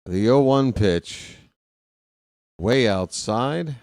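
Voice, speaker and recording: A man's voice: medium pitch, expressive, extremely slow, darkish tone, no room sound, clean studio sound. A man calling a baseball game live as a fan play-by-play host, rooting openly for his team in a chatty way. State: hiccups.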